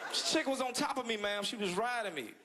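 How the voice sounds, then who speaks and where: A man from the United States doing a stand-up set, animated, jumping into high-pitched act-outs and laughing through his lines. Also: quick pace, background noise. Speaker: stand-up comedian. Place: comedy club stage with live audience. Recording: loud crowd laughter in club.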